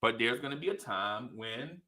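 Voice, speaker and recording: A man tells a story in a relaxed, conversational way, jumping high in pitch whenever he quotes someone. His voice sits in an ordinary middle register. The sound is close and dry, with no room around it. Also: moderate pace, no echo. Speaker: podcast host. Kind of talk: casual storytelling.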